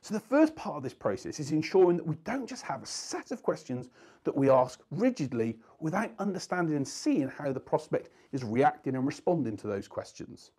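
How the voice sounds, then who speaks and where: A male sales trainer explains his method in an earnest coaching manner, pressing on the important words. His pitch moves up and down a lot as he talks. The voice sounds mellow, with a slightly husky edge. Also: very animated, fairly quick. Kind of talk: instructional talk to camera.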